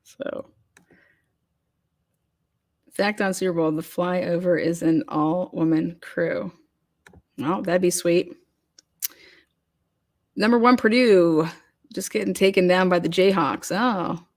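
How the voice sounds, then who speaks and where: A woman's voice: on the low side, fairly even intonation, slow, long pauses. A woman hosting a casual livestream chat, talking loosely with many fillers and restarts as she reads comments. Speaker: host.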